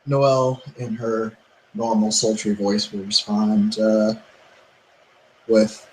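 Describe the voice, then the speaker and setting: A man's voice: lowish voice, a little hiss or hum, poor audio. A man narrating his character's actions as a player in a tabletop role-play. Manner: slow, with fillers.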